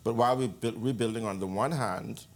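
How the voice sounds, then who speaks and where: A man, speaking as a guest commentator in an interview, measured and deliberate with frequent restarts. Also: lowish voice. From Bahamas. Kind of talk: interview answer.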